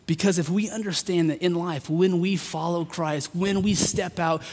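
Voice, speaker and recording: A man preaching a sermon, earnest, rising to emphatic peaks and then dropping soft. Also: sits high, steady tone, normal speed, hardly any pauses. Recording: long hall reverb.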